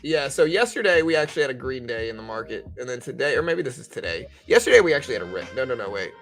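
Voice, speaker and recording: A man's voice: medium pitch, very animated, racing, fairly bright tone, soft background music. A man giving rambling, casual live-stream commentary on trading, talking to his viewers with lots of fillers. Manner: rambling, conversational, full of fillers.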